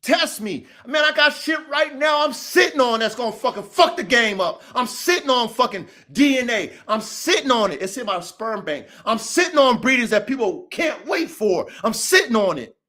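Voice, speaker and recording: High-voiced man ranting, boastful and profane. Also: expressive, moderate pace, few pauses, sharp tone. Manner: boastful, combative, repetitive rants. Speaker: podcast host, dog breeder.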